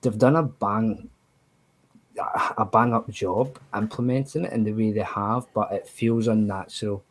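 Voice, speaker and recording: A man's voice: on the low side, steady tone, measured pace, poor audio. A man talking as a panelist on a casual podcast, rambling with many fillers and restarts. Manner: rambling, with frequent "you know" fillers.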